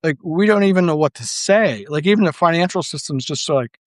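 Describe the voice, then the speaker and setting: A man's voice: on the high side, lively intonation, normal speed, no echo. A man giving a casual monologue as a political commentator, rambling and blunt, full of filler words and restarts. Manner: blunt and profane.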